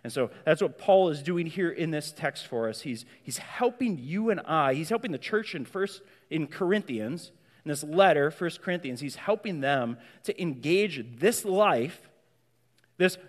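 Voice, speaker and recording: A man preaching a sermon as pastor, emphatic and prone to repeating words as he goes. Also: fairly high pitch. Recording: long hall reverb.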